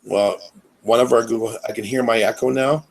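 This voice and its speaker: A man's voice: mid-range voice, steady tone, brisk, gravelly, rough recording. A man hosting a casual live chat on a video call, questioning and pushing back on his guest. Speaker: host.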